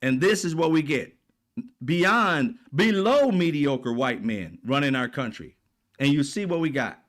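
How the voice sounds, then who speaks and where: A man's voice: fairly high pitch, expressive, measured pace. A man hosting political commentary, ranting in a blunt, profane, exasperated way.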